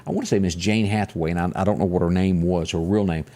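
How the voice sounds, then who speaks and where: A man's voice: low-pitched, fairly even intonation, fast, mellow. A man with a Southern US accent co-hosting a morning show, chatting casually and reading local ads in a folksy way.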